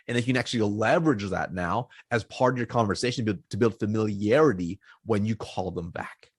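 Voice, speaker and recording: A man's voice: lowish voice, a little fast, few pauses, husky, no room sound, clean studio sound. A man who trains salespeople, teaching in a direct, casual way and checking in with "okay" and "all right" as he goes. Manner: direct, repeats points, many okays and all rights.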